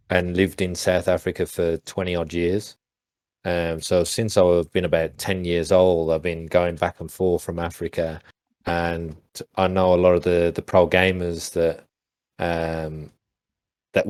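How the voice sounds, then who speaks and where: Guest: man, very low voice, dry close sound, rambling casual anecdotes. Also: darkish tone, dry recording. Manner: rambling, many restarts and fillers. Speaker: interview guest, former pro gamer. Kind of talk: casual storytelling on a call.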